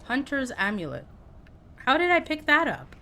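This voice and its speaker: Animated, bright-voiced woman streamer. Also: high-pitched, normal speed, a little hiss or hum. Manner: excitable, chatty, talks to chat. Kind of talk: live gameplay commentary.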